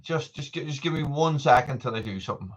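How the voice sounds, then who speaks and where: A man's voice: medium pitch, animated, fast, poor audio. A man hosting a casual live stream, rambling and chatty as he greets viewers by name.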